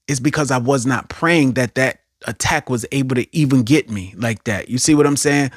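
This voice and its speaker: An animated male preacher delivers a sermon in a mid-range voice. He repeats key phrases for emphasis and keeps tossing out "right?" to the listener. The recording is close and dry, with no room echo. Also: mid-range voice. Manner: animated, often asks "right?". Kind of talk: online sermon.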